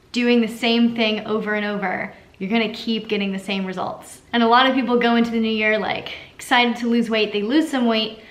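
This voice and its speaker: A woman chatting casually as a fitness vlogger, upbeat and chatty, often laughing. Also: mid-range voice. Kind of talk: casual vlog chat. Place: home kitchen, then out and about. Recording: echoey room, faint background noise.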